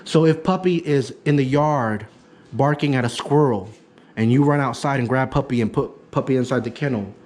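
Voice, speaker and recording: A man's voice: medium pitch, moderate pace. A man working as a dog trainer, giving an in-home consultation in an emphatic, repetitive teaching manner. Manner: emphatic, repetitive teaching, acts out excited praise.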